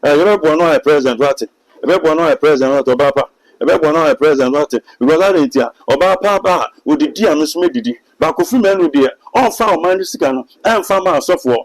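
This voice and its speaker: Man, Ghanaian accent, pastor, high-pitched, emphatic sermon-like interview talk. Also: fast, low-quality recording. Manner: emphatic, sermon-like, mixing in English phrases. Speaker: pastor and prophet. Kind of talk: preaching in an interview.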